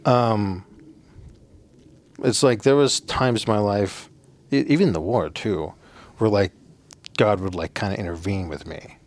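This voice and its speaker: Low-voiced man telling a story, crude. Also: unhurried, pauses often. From Navajo reservation, United States. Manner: rambling, lots of fillers and cursing. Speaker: podcast guest, former soldier. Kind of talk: casual storytelling.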